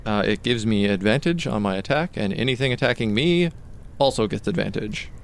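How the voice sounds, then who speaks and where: A man's voice: fairly low pitch, lively intonation, a little fast, vocal fry. A man playing a tabletop game, thinking aloud with fillers as he describes his character's moves. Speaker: player. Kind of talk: casual tabletop play.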